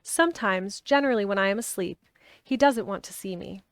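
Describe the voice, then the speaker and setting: A gloomy, sickly young boy speaks in a fretful, complaining way from his bed, as a woman reads him aloud. The pitch sits in an ordinary middle range. The sound is dry, with no room echo. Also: a little fast, close to an everyday voice.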